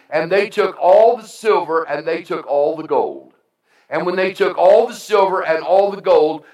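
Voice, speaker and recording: A man's voice: high-pitched, fairly bright tone, reverberant. A male pastor preaching a sermon in a call-and-response style, asking the congregation for amens and repeating his key lines for emphasis.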